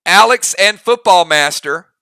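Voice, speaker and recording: Bright, crisp game-master man. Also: sits high, animated, dry recording, studio quality. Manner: upbeat, drawn-out play-by-play calls. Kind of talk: live game narration and commentary.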